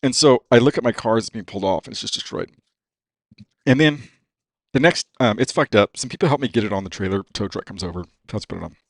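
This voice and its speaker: In a podcast studio with no room sound, a racing driver speaks as a guest in a voice on the low side, fast and lively in intonation. He's casual, swears, and drops "dude" all the time.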